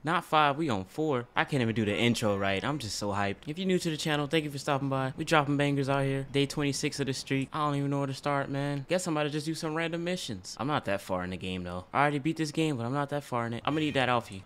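A man giving casual, excitable gameplay commentary as a gaming YouTuber, often breaking into loud laughter. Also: medium pitch, fast talker, hardly any pauses, slight background noise.

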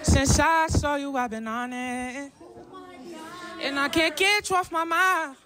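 A man on a dating show talking in a smooth, laid-back way. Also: very high voice, slow pace. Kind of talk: casual chat. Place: large indoor hall. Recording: crowd noise in a large hall. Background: loud crowd.

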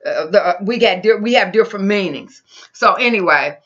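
A woman's voice: mid-range voice, lively intonation, normal speed, a bit bright, dull audio. A woman preacher giving an informal, rambling sermon into a computer mic, with frequent restarts and asides.

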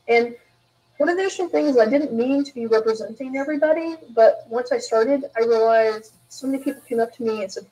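In a live interview, a woman author shares candid stories, rambling and often restarting her sentences. Her voice is a little high with a darkish tone, and the recording quality is low.

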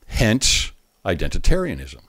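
A man giving earnest, emphatic commentary on a political speech clip, pausing it to preach his point. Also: sits low, huge pitch swings, a bit bright. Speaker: online commentator.

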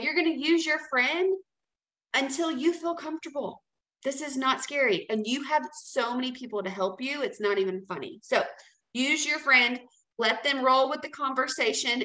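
A team leader training new sellers gives a casual, chatty, encouraging talk, often checking in with "okay?" Her high voice sounds pushed and bright, and the audio is poor and reverberant.

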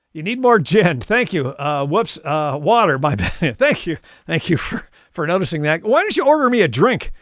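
A man's voice: fairly high pitch, dry recording, clean studio sound. A man hosting a live music stream, crooning songs and chatting with viewers in a rambling way between songs, laughing often. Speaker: host and singer. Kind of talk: live-stream lounge singing and chat.

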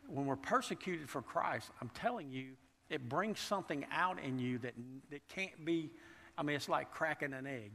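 A man's voice: mid-range voice, vocal fry, fairly bright tone. A man preaching a sermon in a folksy way, repeating and restarting words and asking the congregation questions. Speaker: pastor. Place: church sanctuary. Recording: long church reverb.

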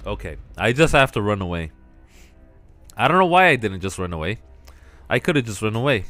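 A man's voice: on the low side, very animated, brisk, fairly bright tone, dry recording. A man playing a horror video game and commentating, panicky, yelping and swearing as he plays. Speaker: let's play gamer. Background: game music.

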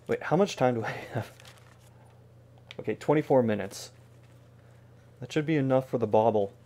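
A man with a mid-range, warm voice gives casual commentary while streaming a video game. At a moderate pace, he mutters to himself wryly and drops joking asides as he plays.

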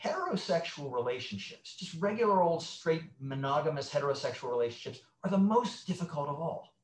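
A middle-aged man speaks as a guest sex therapist, his voice on the higher side and swinging widely as he acts out little scenes. He restarts often and tells things like stories. The sound is roomy, with echo around him. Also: a little fast, slight background noise. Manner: animated storyteller, acts out quotes, many restarts. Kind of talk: conversational interview.

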